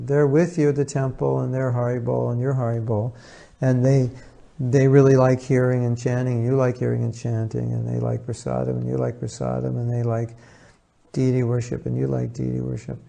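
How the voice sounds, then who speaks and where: A man with a gravelly, dark and mellow voice gives a relaxed spiritual talk. He speaks conversationally, slipping into short acted-out exchanges as he tells his examples. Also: mid-range voice. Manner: conversational, acts out little dialogues in a storytelling way. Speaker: spiritual teacher.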